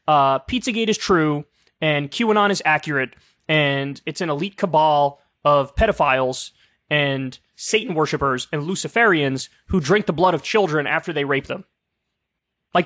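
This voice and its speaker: A man's voice: a little high, a bit bright, dry recording, clean studio sound. Casual profane male commentary host. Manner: casual, profane, sarcastic, lots of fillers. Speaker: political commentary show host. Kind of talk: casual solo political commentary.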